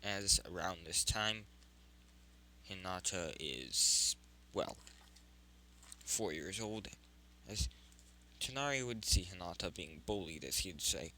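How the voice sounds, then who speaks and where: A man telling a fan story in a slow, unhurried way, his voice low yet bright. He rambles, stops to correct himself, and carries on. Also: lively intonation, a little hiss or hum, poor audio. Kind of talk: improvised fan story narration.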